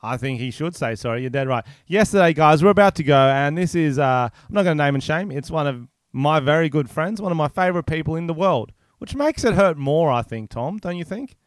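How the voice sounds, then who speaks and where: Smooth-voiced joking New Zealand guy. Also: a little high, expressive, brisk, hardly any pauses, no room sound, studio quality. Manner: joking, rambling storyteller. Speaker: podcast co-host. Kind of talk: crude casual podcast banter.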